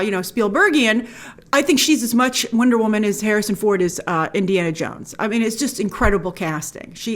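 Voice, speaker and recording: Woman movie reviewer, kinda high voice, super animated and gushy, keeps acting out little quotes. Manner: gushing and animated, jumps into quick quoted asides. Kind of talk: casual spoken film review.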